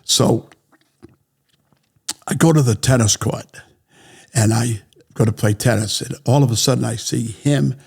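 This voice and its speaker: A man telling a story in a blunt, profane, animated way as an interview guest. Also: medium pitch, a little slow, creaky, long pauses, slightly rough. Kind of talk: casual storytelling.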